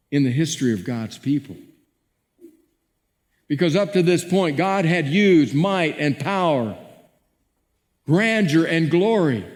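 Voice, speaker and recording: A male pastor preaching a sermon and reading scripture dramatically, moving between hushed and emphatic passages. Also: high-pitched. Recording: long church reverb.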